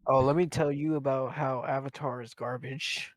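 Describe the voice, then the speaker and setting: Male co-host, casual banter, quick laughs, dry close recording. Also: mid-range voice, steady tone, no echo. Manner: joking, laughs often, rambling game rant. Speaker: podcast co-host. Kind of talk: casual chat among friends.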